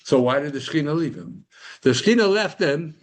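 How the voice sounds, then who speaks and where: A man's voice: fairly high pitch, sing-song, fairly quick. A man teaching a Torah class to a live group, asking rhetorical questions and answering them himself, with Hebrew terms woven into English.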